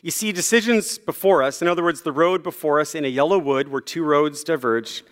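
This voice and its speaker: A man delivers a sermon in a fairly high voice, talking to the congregation like friends. He is casual and self-deprecating, with frequent ums and restarts. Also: brisk, fairly bright tone. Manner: conversational and self-deprecating, with many fillers. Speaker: pastor.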